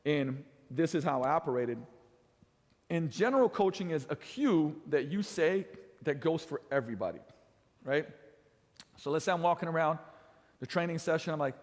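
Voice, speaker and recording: Energetic man coaching in a hall. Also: normal speed. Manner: emphatic, swings pitch and loudness for effect, keeps asking "right?". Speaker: fitness coach teaching trainers. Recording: large hall with long reverb.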